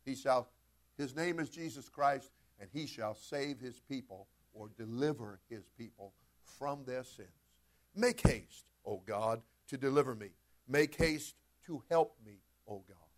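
A man preaching a sermon as pastor, energetic, telling stories and building to loud, emphatic preaching. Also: mid-range voice, a little slow.

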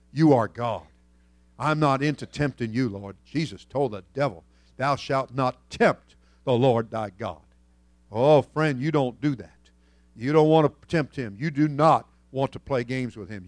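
A male senior pastor preaching a sermon in a folksy storytelling way, swinging from loud to hushed. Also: mid-range voice, dry recording.

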